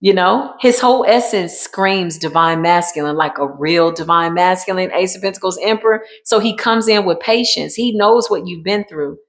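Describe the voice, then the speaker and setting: A woman's voice: fairly low pitch, normal speed, few pauses. A woman doing a casual tarot card reading, talking in an emphatic, repetitive and colloquial way and calling her viewers y'all.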